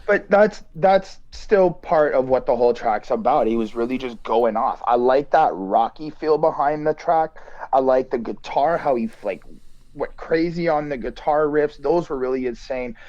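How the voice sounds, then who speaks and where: Mellow man on a dull lo-fi mic. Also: medium pitch, normal speed, no room sound. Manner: relaxed, hesitant, lots of restarts. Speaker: podcast co-host. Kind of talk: casual album review chat.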